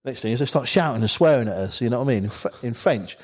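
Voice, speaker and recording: A man's voice: mid-range voice, expressive, fast talker, a bit bright. A man from the Isle of Wight, a podcast guest telling a long story in casual, rambling chat. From England, Isle of Wight. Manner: rambling, full of "you know" asides.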